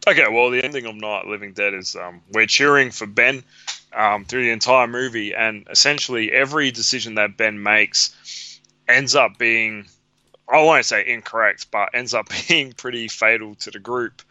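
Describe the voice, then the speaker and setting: A man co-hosting a casual chat, explaining in a relaxed way. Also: mid-range voice, moderate pace, no room sound. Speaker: podcast co-host. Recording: dull lo-fi recording.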